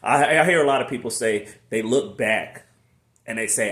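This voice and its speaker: A man giving a casual, preachy motivational faith talk to his channel in a relaxed conversational way with slangy asides. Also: medium pitch, normal speed. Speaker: faith vlogger. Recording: echoey room.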